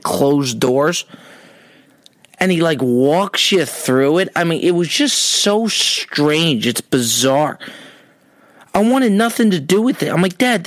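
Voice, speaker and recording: A man's voice: on the high side, fairly bright tone, no echo. A man hosting a podcast, telling a comic story in an exasperated, casual way and stumbling over repeated words. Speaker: podcast host.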